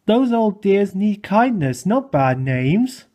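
A man voicing a gentle, protective old storybook engine who speaks earnestly, in a raised, husky voice. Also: high-pitched, sing-song, slow pace, full character voice. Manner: earnest, indignant.

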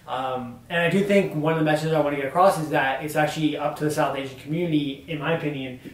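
A man's voice: on the high side, fairly even intonation, fast talker. Earnest young man, roomy distant sound. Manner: earnest, building arguments with many fillers. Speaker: discussion co-host. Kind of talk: casual discussion on camera.

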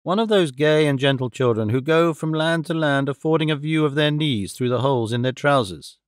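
Male audiobook narrator, measured classic-novel reading, somewhat high pitch, dry studio sound. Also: clear, resonant tone, dry recording.

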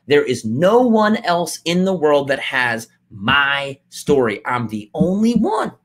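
A man's voice: a little high, very animated, takes it slowly. A man coaching his audience in a motivational talk. He is emphatic, repeats his key lines and acts out the doubts of the people he coaches.

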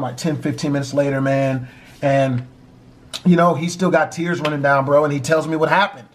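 A man telling a dramatic personal story in an animated, profanity-heavy way. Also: fairly high pitch. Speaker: vlogger. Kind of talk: storytime vlog.

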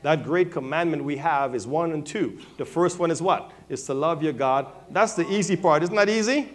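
A male pastor preaching a sermon, calling on members of his congregation by name, swinging from quiet remarks to loud, high-pitched exclamations. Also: animated, normal speed. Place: church sanctuary.

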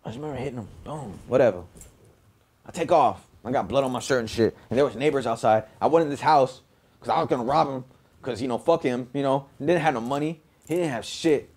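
A man's voice: mid-range voice, fast talker, a little mellow, breathy edge. A man telling his own story in a casual, profane way, often adding "you know what I mean.". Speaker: storyteller recounting his past.

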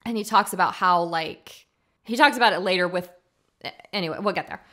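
Woman podcast cohost, lowish voice, chatty and animated, acts out movie quotes as she retells the plot. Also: fairly quick. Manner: animated retelling, acting out quotes, frequent fillers. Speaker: podcast co-host. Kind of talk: casual chat retelling a film.

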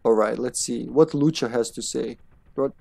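A man's voice: mid-range voice, normal speed, creaky, dark tone, breathy edge, dry recording. A man streaming a game live, chatting in a laid-back way, swearing and laughing. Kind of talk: casual live gameplay commentary. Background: game music.

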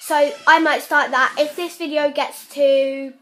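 A young woman with a high, bright voice chats through a question-and-answer vlog, rambling and full of fillers. The talk is loose and unscripted. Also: fairly even intonation, measured pace, a little hiss or hum. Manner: chatty, rambling with many fillers. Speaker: vlog host. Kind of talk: casual Q&A vlog chat.

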